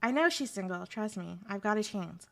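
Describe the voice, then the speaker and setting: A woman's voice: mid-range voice, expressive, moderate pace, vocal fry. A young woman streamer chatting casually with her audience, sarcastic and joking as she answers chat.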